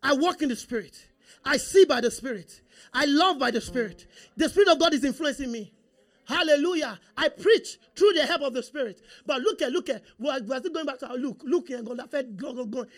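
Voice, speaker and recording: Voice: sits high, a little fast. A pastor preaching a sermon, repeating phrases and calling on the congregation to respond. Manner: animated, repetitive call-and-response preaching.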